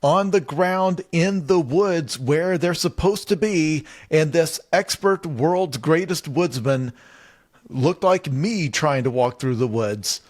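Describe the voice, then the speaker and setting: A man's voice: fairly high pitch, slow pace. A man co-hosting a comedy podcast, retelling a show with jokes and exaggerated quotes. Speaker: podcast co-host. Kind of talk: comedic casual chat.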